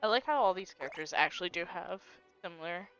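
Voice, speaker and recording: A woman's voice: lowish voice, expressive, quick pace, fairly bright tone, clean tone. A woman casually commenting on a game playthrough and reading its dialogue aloud in a playful way. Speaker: gaming host. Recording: dull lo-fi with faint game music.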